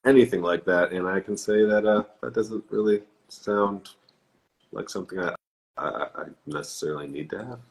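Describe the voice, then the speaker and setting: A man's voice: fairly low pitch, normal speed, low-quality recording. A man chatting casually as a podcast guest, easygoing and laughing often. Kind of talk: casual chat.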